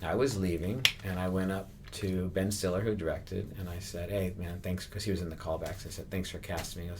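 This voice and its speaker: A man's voice: low-pitched, a little fast, few pauses, noisy background. A middle-aged man casually telling a story in a podcast chat, acting out the voices he quotes. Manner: animated, acts out voices in quotes.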